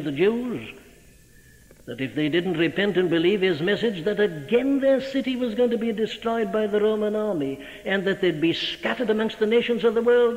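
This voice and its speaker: Man preaching in a booming old hall recording. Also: darkish tone. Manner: emphatic, rhetorical questions to the listener. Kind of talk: sermon. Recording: dull old recording, long hall reverb.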